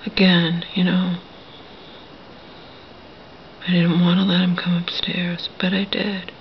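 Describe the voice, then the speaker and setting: A woman speaking to the camera in a hushed, gravelly whisper. Her voice sits low, and she swears bitterly as she talks. The recording is dull and lo-fi, with a faint hiss underneath. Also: little pitch movement, slow pace. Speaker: vlogger. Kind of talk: whispered personal monologue.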